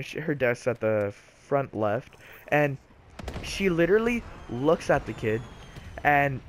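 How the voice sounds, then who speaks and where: Here a teenage vlogger with a voice on the high side casually rambles through a storytime, leaning on lots of fillers. A faint hiss or hum sits under the recording.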